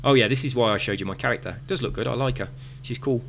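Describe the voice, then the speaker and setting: A gaming video creator reads viewer comments, chatting casually and drifting into tangents full of fillers and restarts, with a very slight lisp. He talks rapid-fire at medium pitch, with vocal fry and a bit of brightness over a little hiss or hum.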